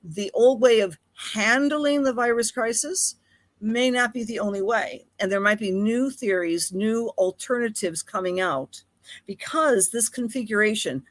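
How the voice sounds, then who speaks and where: A woman's voice: mid-range voice, normal speed, fairly bright tone, no echo. Woman, Western New York accent, live-stream astrology host, chatty and affectionate, mid-range voice, dry sound. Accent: Buffalo, Western New York. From Buffalo, New York. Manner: chatty and affectionate, greets viewers by name, calls them honey and darling.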